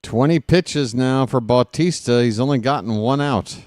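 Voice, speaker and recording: A man's voice: medium pitch, normal speed, darkish tone, no echo, studio quality. A man doing casual, rambling play-by-play for a live stream, joking and snapping at the umpire. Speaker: fan play-by-play commentator.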